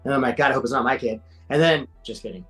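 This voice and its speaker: A man's voice: mid-range voice, very fast, a bit bright, soft background music, rough recording. A man in his forties, a podcast guest, telling stories in casual chat, slangy and swearing, acting out quotes. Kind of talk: casual storytelling.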